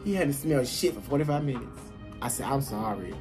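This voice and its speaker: A man telling a casual story to his viewers, animated and blunt, swearing freely and talking straight to them. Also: a little high, quick pace, music in the background. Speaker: vlogger. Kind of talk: casual story time while eating.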